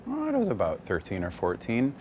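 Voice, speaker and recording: A young man from the US West Coast, an actor chatting casually in an interview, animated and laughing often. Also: on the low side, fairly quick, highs cut off, slight background noise. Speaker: actor guest. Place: bar.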